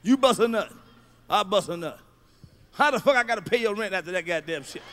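A male stand-up comedian, delivering a profane routine with shouted punchlines. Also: sits high, lively intonation, fairly quick, a little hiss or hum.

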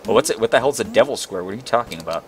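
Excitable young man playing a game. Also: on the low side, very fast, a little hiss or hum. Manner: excitable, exclaiming. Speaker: gaming video host. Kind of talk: let's play commentary.

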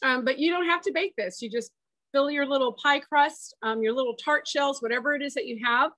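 A woman on a video call, describing a dessert she made in a relaxed, talkative way full of "um"s. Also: high-pitched, fairly quick, no room sound. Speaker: guest sharing a dessert. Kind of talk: casual chat demo.

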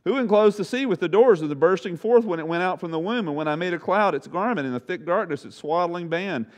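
Male God figure, booming and questioning , read by a man, pitched up, unhurried. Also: close to an everyday voice. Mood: challenging. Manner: emphatic, interrogating, slow and deliberate. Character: booming all-knowing God, male, challenging.

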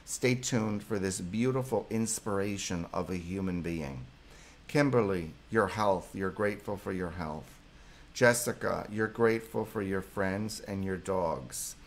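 A man's voice: deep voice, slight background noise. A middle-aged man, a psychologist hosting a live stream, effusively thanking viewers and reading their comments aloud.

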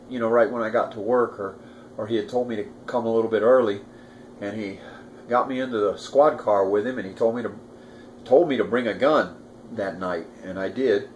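An older man in his sixties with a fairly low voice tells a personal story in a loose, conversational way. He wanders into asides and restarts his sentences often. Faint room ambience sits behind him. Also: a little mellow, a little hiss or hum. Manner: rambling, with many restarts and asides. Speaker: storyteller recalling a past crime. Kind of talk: casual first-person recollection.

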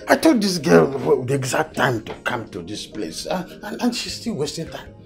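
An excitable, stammering Nigerian lover man. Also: mid-range voice, normal speed, vocal fry. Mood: impatient. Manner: excitable, stammering, squeals with delight. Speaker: film actor. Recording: faint film music underneath.

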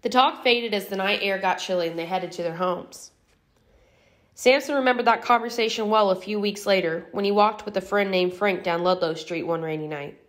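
A woman reading a novel aloud as an audiobook narrator in a steady, even storytelling manner. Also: mid-range voice, moderate pace. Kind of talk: scripted narration.

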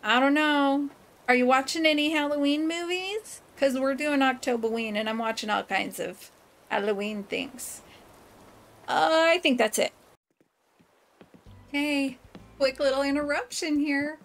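High-voiced bubbly woman gaming host. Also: unhurried, slight background noise. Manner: bubbly, excitable, chatty with viewers. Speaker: let's play host. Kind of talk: cheerful gameplay commentary.

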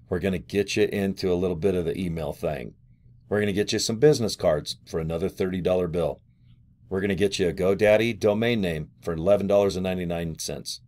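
Low-voiced man giving a chummy sales pep talk. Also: a little mellow. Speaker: affiliate marketer vlogger. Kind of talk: casual pitch to camera.

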